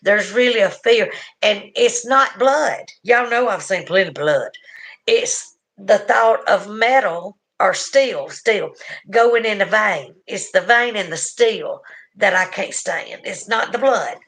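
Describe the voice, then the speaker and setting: A woman's voice: mid-range voice, measured pace, fairly bright tone. Middle-aged Southern woman, casual folksy host reading viewer comments. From southern United States. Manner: chatty and folksy, with asides to viewers. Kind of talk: casual chat.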